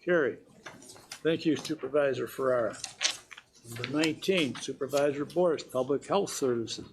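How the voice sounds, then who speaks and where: A man chairing a county board meeting, briskly calling motions and votes. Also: medium pitch, gravelly, background noise. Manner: brisk procedural calls for votes.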